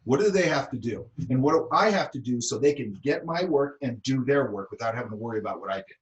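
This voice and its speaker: A man's voice: mid-range voice, animated, fast talker, lo-fi sound. A middle-aged man teaching an art class, giving blunt, casual critique and checking in often with the students. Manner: blunt, casual, repeats okay and does that make sense. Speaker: art instructor.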